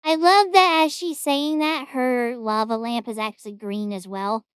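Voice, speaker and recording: Chatty woman reacting, smooth dry voice. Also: fairly high pitch, steady tone, unhurried, no room sound, faint music behind. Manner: chatty, rambling, amused. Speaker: reaction streamer host. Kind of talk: casual reaction commentary.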